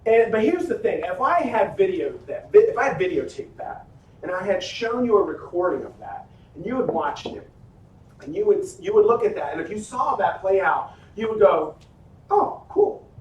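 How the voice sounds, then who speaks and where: A pastor telling a lively personal story in a sermon, acting out his own quotes. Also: sits high, normal speed, recorded from a distance, highs cut off. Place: church hall. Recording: echoey hall, faint noise.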